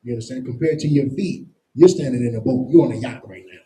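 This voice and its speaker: A man leads a street-style Bible lesson, his voice deep in tone and very dark and mellow. He talks at a moderate pitch, leaning on everyday comparisons and constant check-ins with his listeners. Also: fast talker, poor audio. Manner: emphatic, repeats "you understand?" constantly; explains with everyday comparisons and slang. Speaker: scripture teacher.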